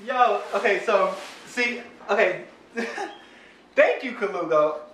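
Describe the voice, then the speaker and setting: Taking it slowly, a young father unboxes a product for his vlog, his high-sitting voice animated and fairly bright as he playfully hypes it up to his viewers. Shot on a phone camera at a distance, the audio is roomy, with faint ambience and a little hiss or hum.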